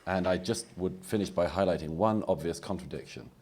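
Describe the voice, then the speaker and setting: A man's voice: low-pitched, fairly quick, a little mellow. A man giving wry, articulate, polemical remarks as a speaker on a debate panel.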